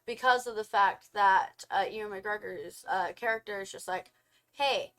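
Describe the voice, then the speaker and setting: A young woman in a casual couple's film review, rattling through the plot with lively energy. She jumps into quick voices for each character as she goes, laughing and backtracking when she gets names wrong. Her pitch sits mid-range but swings around as she tells it. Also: clean tone. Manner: animated storytelling, acting out characters in quick quotes.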